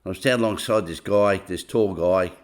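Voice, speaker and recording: Aussie bloke, middle-aged, lowish voice, spinning a chatty yarn about the old days. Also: male voice, fairly quick. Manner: rambling, chatty retelling full of "I said, he said". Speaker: storyteller. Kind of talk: casual anecdote.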